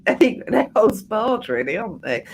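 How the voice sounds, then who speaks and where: A woman hosting a podcast interview, chatty and full of animated anecdotes. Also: medium pitch, moderate pace. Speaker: podcast host. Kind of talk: conversational interview.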